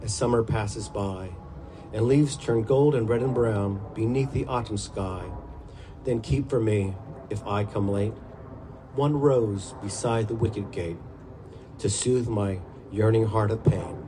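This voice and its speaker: A man giving a slow, solemn poem recitation at a memorial. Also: fairly low pitch, music in the background.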